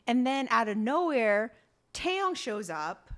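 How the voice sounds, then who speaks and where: A woman co-hosting a podcast, recapping a drama in casual chat, telling it with lively quoted asides. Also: on the high side. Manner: animated storytelling with quick quoted asides and laughs. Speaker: podcast co-host.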